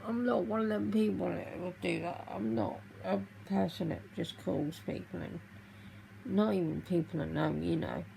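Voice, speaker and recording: Tearful woman with a gravelly voice. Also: lowish voice, big pitch swings, dark tone, slight background noise, rough recording. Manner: halting, emotional, confessional. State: tearful, crying. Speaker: vlogger. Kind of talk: personal vlog talking to camera.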